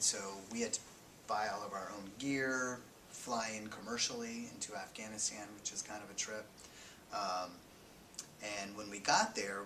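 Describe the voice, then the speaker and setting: A man speaking to a class as a guest, casually recounting his time as a journalist, halting with fillers and sinking to a near-whisper on grim parts. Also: fairly low pitch. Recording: distant mic with noisy background.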